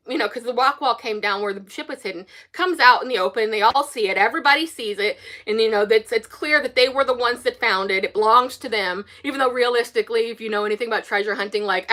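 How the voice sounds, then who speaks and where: Bright-voiced woman rambling about films. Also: mid-range voice. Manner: rambling, retells scenes with many fillers and restarts; earnest and emotionally invested. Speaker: film commentary host. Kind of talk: casual spoken film analysis.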